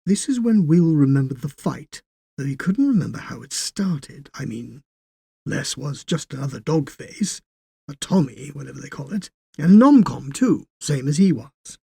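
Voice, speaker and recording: A man reading a horror story in a measured, even way. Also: fairly high pitch, vocal fry, slightly rough, no echo. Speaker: story reader. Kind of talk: scripted horror fiction narration.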